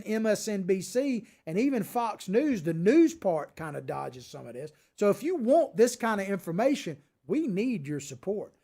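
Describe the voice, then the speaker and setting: A man hosting his own political commentary show, combative and sarcastic, swinging between loud outbursts and quiet asides. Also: sits high. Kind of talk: opinion commentary monologue.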